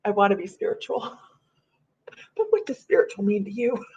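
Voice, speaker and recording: A woman with a husky, slightly breathy voice hosts a casual morning chat as a psychic medium. She talks freely and animatedly, often breaking into laughter. The live-stream audio sounds muffled and lo-fi. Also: mid-range voice, big pitch swings, normal speed, darkish tone. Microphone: computer or phone on a live video stream.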